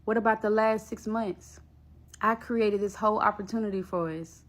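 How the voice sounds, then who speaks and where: A woman voicing her clingy ex-partner in a storytime, a little lower than her own voice, pleading and accusing. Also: fairly even intonation, normal speed, lightly acted.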